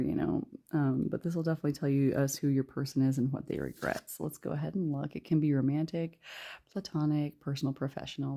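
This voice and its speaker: Soft-spoken woman with a low, gravelly voice. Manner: soft and hushed, often whispering; rambling with many fillers. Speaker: tarot reader. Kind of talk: tarot reading.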